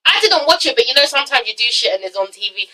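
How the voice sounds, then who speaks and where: A woman's voice: high voice, very animated, quick pace, sharp tone, recorded from a distance, low-quality recording. A young English woman reviewing a TV show in a casual rant, blunt and sassy, swearing freely and tagging her points with "okay?". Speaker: TV review vlogger.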